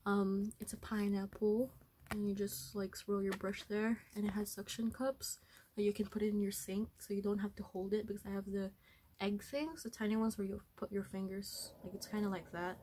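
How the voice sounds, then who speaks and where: Chatty woman, flat voice. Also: medium pitch, normal speed, slightly rough. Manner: chatty, rambling, self-correcting. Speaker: vlogger. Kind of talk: casual haul vlog chat. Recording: background noise.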